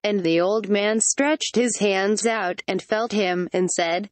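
A woman narrates an old storybook at an even, measured pace. Her voice sits in a middle register, and she pauses briefly between short phrases. The recording is dry and close, with no room sound. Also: medium pitch, no room sound. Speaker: audiobook narrator. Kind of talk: scripted storybook narration read aloud.

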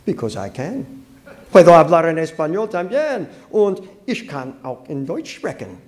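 A precocious girl shows off in a confident, smug voice pitched well above a man's. A man puts her on, with lively swings in pitch. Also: moderate pace. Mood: haughty. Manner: showy, self-assured. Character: precocious boastful tall girl who speaks French.

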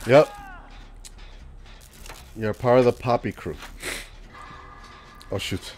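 A man's voice: mid-range voice, steady tone, takes it slowly, long pauses, a little mellow. Stuffy-nosed man joking with his stream. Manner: jokey, chatting to viewers while playing. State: stuffy nose from a cold. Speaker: game streamer. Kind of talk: casual live-stream gaming commentary.

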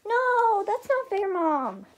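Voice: extremely high pitch, big pitch swings, takes it slowly, voice pushed up, exaggerated voice. A young female performer voicing a timid girl doll who whines and pleads in a toy role-play. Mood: whiny. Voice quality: whiny, pleading.

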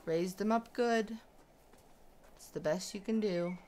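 A woman's voice: mid-range voice, takes it slowly, mellow, a little hiss or hum. A young woman giving casual let's-play commentary, chatting to the animals in her game as if they were her kids. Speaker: gaming YouTuber.

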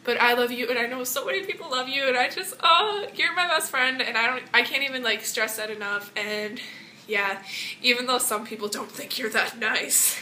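A teenage girl vlogging from her bathroom, rambling warmly through a birthday message to her best friend with lots of fillers. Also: on the high side, fairly even intonation, a little fast, a little hiss or hum. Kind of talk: casual birthday message vlog. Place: home bathroom, indoors.

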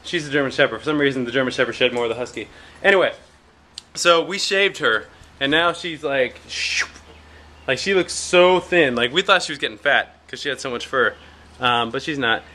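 A man's voice: medium pitch, a little fast, bright, forceful tone. A young man chatting on his home vlog, rambling and joking at himself, with lots of fillers. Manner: rambling, jokey and self-mocking, with many fillers. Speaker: vlogger. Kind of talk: casual vlog chat.

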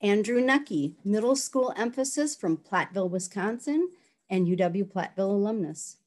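A woman's voice: mid-range voice, expressive, a little mellow. Woman giving a formal graduation address. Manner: measured, congratulatory. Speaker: education program speaker. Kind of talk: formal commencement speech and name reading.

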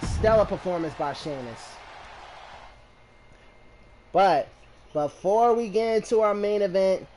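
A man commentating a wrestling match as a fan, emotional and shouting at the action. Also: high voice, takes it slowly, long pauses, a little hiss or hum, poor audio. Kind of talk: excited fan commentary on a video game match.

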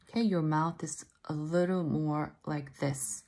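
A woman giving a language lesson, patiently repeating each syllable slowly and clearly for learners. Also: low-pitched, fairly even intonation. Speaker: language teacher. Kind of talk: slow pronunciation lesson.

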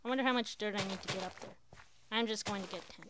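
A woman's voice: medium pitch, quick pace, noisy background. A woman giving casual gameplay commentary, chatty and talking to herself with sudden exclamations. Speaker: let's player.

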